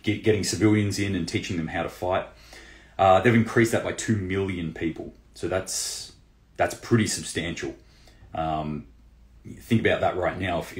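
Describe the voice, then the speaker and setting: A man hosting a casual news roundup for a prepping channel, loose and conversational with lots of fillers and restarts. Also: sits low. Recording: roomy echo.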